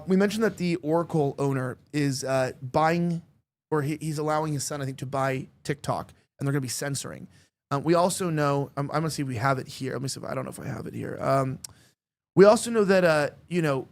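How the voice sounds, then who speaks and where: A young man hosting a casual podcast in a fairly high voice. He rambles loosely and stacks up "like" between every thought. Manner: rambling, heavy use of "like". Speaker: podcast host. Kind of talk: casual chat.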